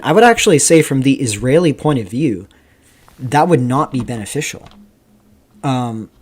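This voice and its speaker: A man hosting a live stream, rambling casually through commentary, reading chat questions aloud and filling pauses with "um" and "like". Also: medium pitch, a little mellow. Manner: rambling, reads chat aloud, many fillers. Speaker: streamer host.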